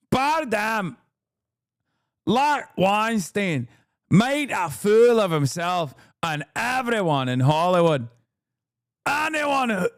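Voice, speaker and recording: A man doing a mocking impression of an indignant middle-aged woman pundit, speaking slowly and drawing out every outraged phrase. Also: sits high, clean tone, no echo, clean studio sound, heavily acted. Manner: slow, drawn-out, outraged. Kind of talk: mocking impression during stream.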